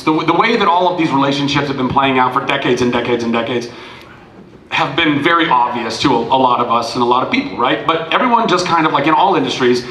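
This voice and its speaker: A man's voice: fairly high pitch, bright, forceful tone. A man in his forties, a celebrity guest at a fan convention panel, telling a long, tangential and heartfelt story full of restarts. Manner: verbose and tangential, rambling with restarts. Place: large convention panel room. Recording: echoey convention hall.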